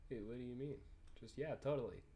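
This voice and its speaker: In a very noisy recording, a twenty-year-old man does casual game commentary as a YouTuber, swearing freely and reading out the dialogue choices. His voice is mid-range and a little fast, his manner relaxed.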